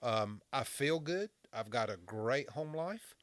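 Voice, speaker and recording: A man's voice: medium pitch, expressive, slow, fairly bright tone, no echo, studio quality. A man in his fifties from western North Carolina with a Southern drawl, chatting as a podcast guest in a folksy, joking way, often restarting his words. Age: 50s. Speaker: fire chief, podcast guest. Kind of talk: casual chat.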